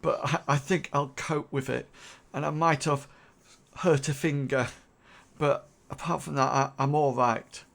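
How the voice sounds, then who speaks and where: A man's voice: fairly high pitch, fairly even intonation, a little slow, vocal fry, a bit bright. A man voicing a timid, nervous young man who stammers and hesitates.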